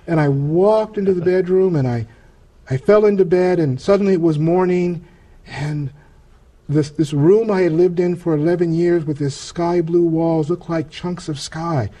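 A man, an interview guest, telling a personal testimony in an earnest, halting way, often restarting his sentences. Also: fairly high pitch, dark tone.

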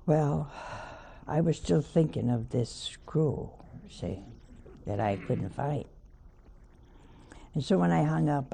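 A woman's voice: rumbling low, slow pace, vocal fry, pauses often, warm tone, a little hiss or hum. An older woman, a nun, preaching a sermon by telling a homely story with wry asides.

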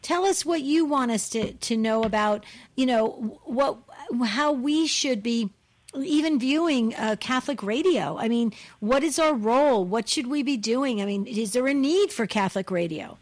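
A woman's voice: animated, moderate pace. Cheerful woman co-hosting a radio appeal. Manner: bright, encouraging, pitching for pledges. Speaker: radio co-host.

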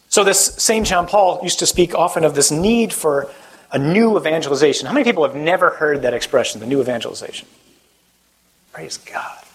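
A man's voice: fairly high pitch, slightly rough, low-quality recording. A man, a Catholic priest, giving a conversational sermon, joking with the audience and putting questions to them.

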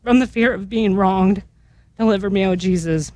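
A woman's voice: mid-range voice, normal speed, dark tone, dry recording. Woman, radio guest, earnest devout prayer reading, emotional, dry studio sound. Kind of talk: reading a litany aloud.

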